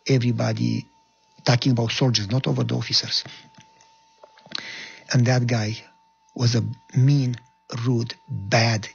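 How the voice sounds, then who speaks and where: Romanian man, gravelly and husky, earnest halting testimony, lo-fi sound. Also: mid-range voice. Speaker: guest telling his life story. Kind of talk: personal testimony. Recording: lo-fi dull recording.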